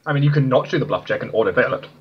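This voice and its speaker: A man's voice: medium pitch, lively intonation, rapid-fire, breathy edge, muffled recording. A man running a tabletop game as game master, explaining rules and often stumbling and restarting his sentences. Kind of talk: narrating a tabletop game online.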